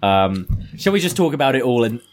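A man's voice: mid-range voice, sing-song, fairly quick. Laughing man in a casual podcast chat. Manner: laughs often, hesitant restarts. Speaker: podcast co-host.

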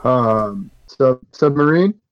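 A man's voice: medium pitch, animated, slow, lo-fi sound. A man playing a tabletop game, loose and joking. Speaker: player. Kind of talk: casual tabletop play.

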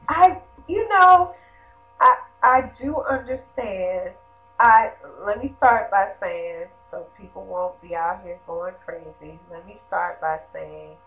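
A woman co-host giving her opinion carefully, qualifying each point before she makes it. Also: mid-range voice. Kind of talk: casual chat. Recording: slightly dull sound.

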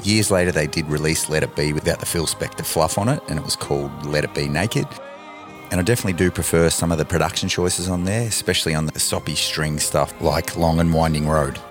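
A man's voice: rumbling low, a little fast. A man hosting a music podcast in casual, blunt commentary, swearing freely. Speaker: podcast host.

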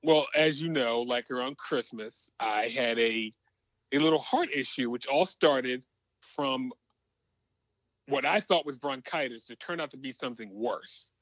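A man's voice: medium pitch, unhurried, fairly bright tone, no room sound, lo-fi sound. A man telling a rambling story in a casual radio chat, with many restarts. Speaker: show regular.

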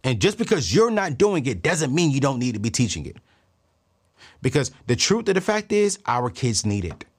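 Animated, preacher-like man in his thirties. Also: mid-range voice, normal speed. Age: 30s. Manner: animated preacher-like storytelling, emphatic repeats. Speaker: podcast host. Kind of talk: motivational talk on money and faith.

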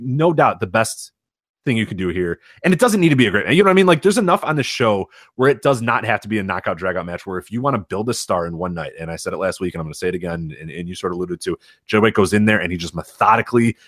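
A man co-hosting a podcast, talking fast in casual chat with many stammers and fillers. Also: lowish voice, fairly bright tone, dry recording, studio quality. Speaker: podcast co-host.

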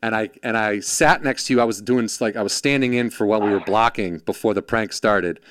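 A man's voice: lowish voice, fairly quick, a bit bright. A man telling a story in casual chat, acting out quoted voices, swearing freely and jumping between characters. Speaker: podcast guest, former production assistant.

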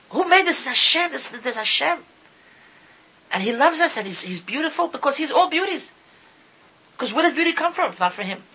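A man's voice: very high voice, gravelly, pushed and bright, breathy edge, rough recording. A man giving an impassioned sermon, often stumbling over and repeating his words as he talks. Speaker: Torah speaker. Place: lives in Israel.

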